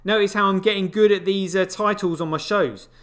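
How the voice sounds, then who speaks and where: A man's voice: high-pitched, fairly even intonation, brisk, a bit bright. A man hosting a live online show, rambling through casual news commentary with lots of fillers and wry asides. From United Kingdom.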